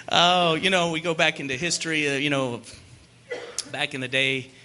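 A young man preaching a sermon, fervent and at times shouting, then easing into joking asides. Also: a little high, fairly even intonation, measured pace.

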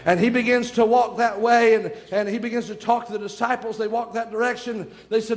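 Brief: male preacher, very high voice, fervent sermon delivery full of repetition, long church-hall reverb. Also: fairly even intonation, fairly quick, few pauses. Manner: fervent, rhetorical questions and repetition.

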